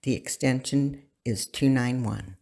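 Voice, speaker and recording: Teacher for a recorded language lesson: unhurried, careful, leaves room for learners to repeat each word. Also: mid-range voice, creaky, dark tone. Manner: slow, deliberate, pausing for learners to repeat.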